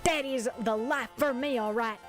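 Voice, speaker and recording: A chipper little alien tinkerer in goggles, as a woman puts him on with a high, folksy put-on accent. He exclaims in old-fashioned phrases, grand and hearty, with faint music playing behind. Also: moderate pace, natural voice. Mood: grandiose. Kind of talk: reading a visual novel aloud with voices.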